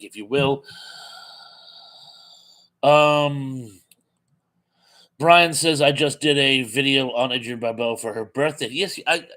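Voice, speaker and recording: A man hosting a live chat, reading out viewer comments and answering them with easy, rambling chatter. His voice is wearing thin and going hoarse. He sits at a middling pitch and fills his pauses with "uh.". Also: fairly bright tone. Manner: reads viewer comments aloud and responds, chatty with frequent "uh". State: losing his voice.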